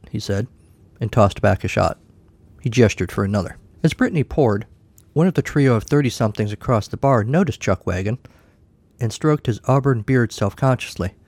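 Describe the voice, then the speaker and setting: A man's voice: lowish voice, normal speed, a little mellow, no room sound. A man narrating a comic short story in a wry, dry way.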